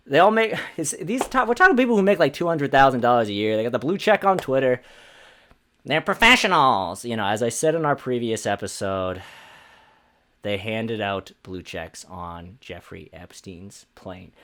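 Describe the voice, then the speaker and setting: A man's voice: mid-range voice, lively intonation, brisk, a bit bright. A man hosting a comedy podcast alone at home, in a profane, self-deprecating, ranting monologue. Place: home apartment.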